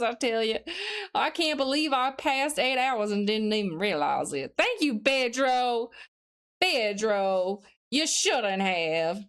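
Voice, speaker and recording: A female streamer with a slightly high, smooth and fairly bright voice chats casually on a live stream. She reads chat messages aloud, responds to them, and thinks out loud as she studies.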